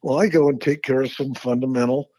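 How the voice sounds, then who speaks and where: Man, stunt performer, radio guest, lively storytelling, laughs, does impressions, middle pitch, dry studio. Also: fast talker, husky, no echo, low-quality recording.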